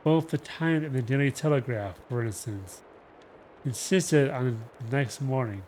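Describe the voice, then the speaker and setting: A man reads a novel aloud for a livestream audience. He takes it slowly and dramatically, pushing some words and dropping others. His voice sits in a middle pitch. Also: a little mellow, slight background noise. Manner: dramatic, slow with shifting emphasis. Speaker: reader.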